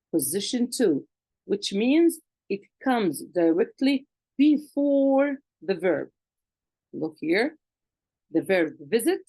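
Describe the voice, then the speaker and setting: Slow, patient woman teaching English. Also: medium pitch, warm tone, no echo, rough recording. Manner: slow, patient, asks the class questions and answers them. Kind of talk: grammar lesson for children.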